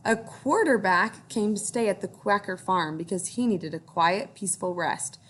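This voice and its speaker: A woman's voice: medium pitch, normal speed, a bit bright, slight background noise. A woman teacher reading a picture book aloud to young children, encouraging them to join in.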